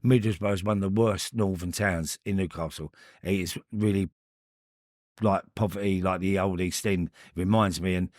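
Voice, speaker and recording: A middle-aged man with a Cockney accent tells his stories as a podcast guest, halting and restarting often as he rambles. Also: deep voice, fairly even intonation, a little mellow, no echo, studio quality. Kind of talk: storytelling in casual interview.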